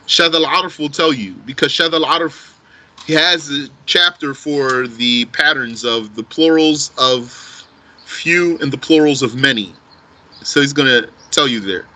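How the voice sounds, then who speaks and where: A man's voice: a little high, sharp tone, rough recording. A man teaching an Arabic grammar class, thinking aloud as he answers questions and mixing in Arabic phrases. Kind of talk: live online class answering student questions.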